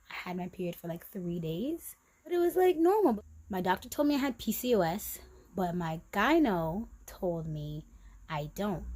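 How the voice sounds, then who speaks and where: Animated, chatty young woman. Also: medium pitch. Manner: animated, chatty, slangy, acting out quoted friends. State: a bit out of breath. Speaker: vlogger. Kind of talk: casual storytime vlog.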